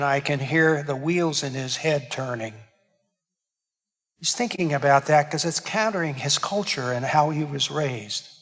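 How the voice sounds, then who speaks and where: A man's voice: a little high, a bit bright, long reverb tail. A man, a parish priest, preaching a homily and explaining Greek words with dramatic emphasis. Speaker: pastor. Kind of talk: sermon. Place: church.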